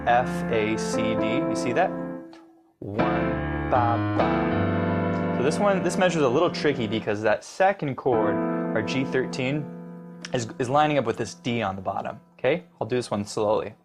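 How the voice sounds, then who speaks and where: Encouraging male piano teacher, mid-pitched. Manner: encouraging, explains step by step, counts beats aloud. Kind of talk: instructional lesson. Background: piano playing.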